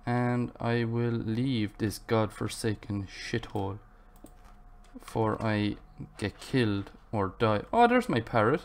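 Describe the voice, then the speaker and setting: A man's voice: lowish voice, little pitch movement, slow. A man commenting on his own gameplay, taking his time over every sentence. He mutters, curses and rambles aloud through his frustration. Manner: frustrated, swearing, rambling to himself. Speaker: gaming channel host.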